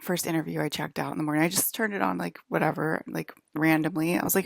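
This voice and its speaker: Woman vlogger, low-pitched with vocal fry, rambling exasperated rant, dry close sound. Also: steady tone, fast talker, few pauses, no room sound. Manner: filler-heavy, frequent "like", restarts; exasperated, ranting commentary. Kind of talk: casual rambling monologue.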